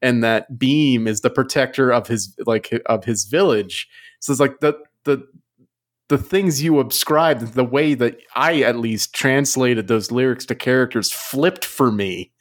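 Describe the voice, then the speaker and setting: A man co-hosting a casual movie review chat, thoughtful and halting, often restarting his sentences. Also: medium pitch. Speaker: podcast co-host.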